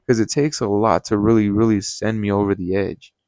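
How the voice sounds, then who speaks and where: Fired up and swearing freely, a young man who manages a restaurant tells his viewers, whom he calls "guys," a work story in a casual vlog, full of animated, heated storytelling. His voice is on the low side and a little fast. There's no room sound.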